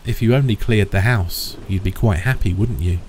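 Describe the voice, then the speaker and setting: A man's voice: fairly low pitch, moderate pace, a little mellow, a little hiss or hum, natural voice. A man voicing a playful, teasing young man who jokes with his parents. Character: cheeky young man, joking son.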